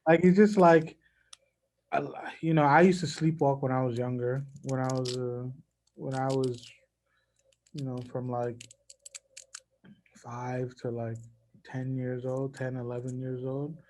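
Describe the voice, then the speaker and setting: A man's voice: medium pitch, little pitch movement, unhurried, long pauses, darkish tone, a little hiss or hum. Laid-back young man in a casual chat. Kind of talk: casual conversation.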